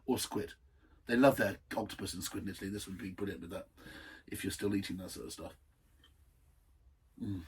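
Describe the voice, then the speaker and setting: A man talks through a wine tasting in a husky, slightly breathy voice. He rambles cheerfully from one aside to the next, and he sits a little back from the microphone. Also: sits low, fairly quick, pauses often, distant mic. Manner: rambling, chatty and enthusiastic, full of asides. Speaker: wine reviewer, host. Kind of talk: casual wine-tasting chat.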